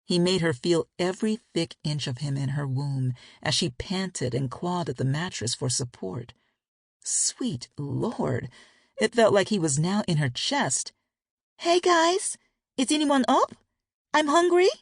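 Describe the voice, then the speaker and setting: A woman narrates a romance audiobook in a steady, intimate way. Her voice has a gravelly fry and a breathy, husky grain. The recording is close and dry. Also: low-pitched, measured pace, no room sound.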